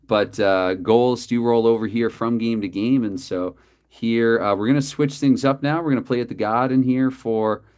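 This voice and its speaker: A man calling play-by-play for a dice hockey game from his desk, chatty and quick to correct himself with apologetic asides. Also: mid-range voice, darkish tone, smooth. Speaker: tabletop hockey game host.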